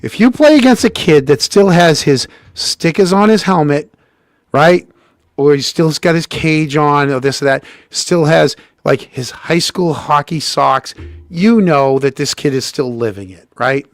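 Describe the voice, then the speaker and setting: A man's voice: measured pace, dry recording, studio quality. A middle-aged man telling a casual anecdote, acting out the quotes with big jumps in his voice and often restarting his sentences. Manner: animated, acts out quotes with big pitch jumps, frequent restarts.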